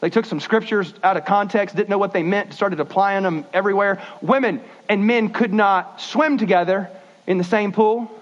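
Pastor guy, really high voice, lively folksy preaching, kinda muffled recording. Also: moderate pace. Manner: animated, folksy preaching with sudden shifts in pace. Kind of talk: sermon. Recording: dull lo-fi sound.

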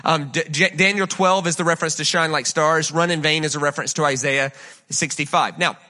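A man preaching a sermon as a guest speaker in a church, energetic and conversational, with lots of rhetorical questions to the congregation. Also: on the high side, brisk. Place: church sanctuary.

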